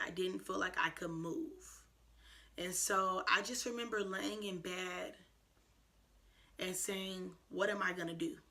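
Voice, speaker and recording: A woman in her twenties talking to camera in a personal vlog, soft, reflective and earnest, with frequent fillers. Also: medium pitch. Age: 20s. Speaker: vlogger.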